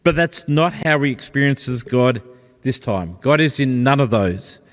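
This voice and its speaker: A man preaching a sermon in a gentle, reflective, personal way. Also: mid-range voice, animated, unhurried. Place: church. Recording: long church reverb.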